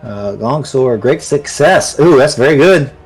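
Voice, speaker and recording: A man running a tabletop role-playing game as game master, narrating in a relaxed, chatty way with many fillers. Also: mid-range voice, measured pace, breathy edge, soft background music.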